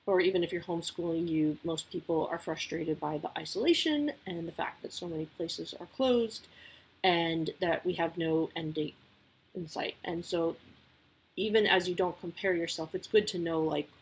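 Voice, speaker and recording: A woman's voice: fairly low pitch, moderate pace, creaky, slightly rough, rough recording. A woman talking casually as a parent sharing advice, candid and chatty with lots of asides.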